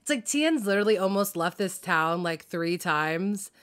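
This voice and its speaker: This vlogger has a fairly low but fairly bright voice with lively intonation and a moderate pace. Reacting to a TV drama, she vents in a casual, heated way, swearing all the time, piling on fillers, laughing, and frazzledly mixing up names.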